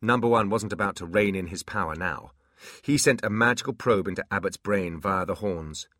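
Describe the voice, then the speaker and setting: A man narrating a fantasy audiobook in an expressive storytelling manner. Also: deep voice, moderate pace, dry recording, clean studio sound.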